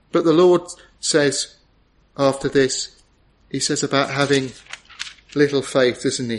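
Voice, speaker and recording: A middle-aged man preaching a sermon, earnest and tender, rising to emphatic peaks. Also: a little high.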